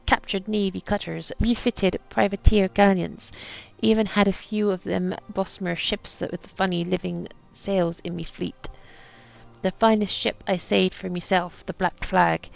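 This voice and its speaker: Woman doing a gravelly old pirate captain, boastful and bitter, rough put-on pirate accent, low, dull lo-fi sound. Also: fairly even intonation, a little slow. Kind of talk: reading a journal aloud in character.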